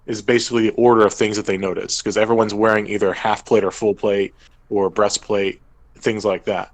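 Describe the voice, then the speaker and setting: A man's voice: fairly low pitch, little pitch movement, a little fast, no echo, rough recording. A young man, podcast co-host and game master, casually recapping a tabletop game and briefly acting out characters' lines.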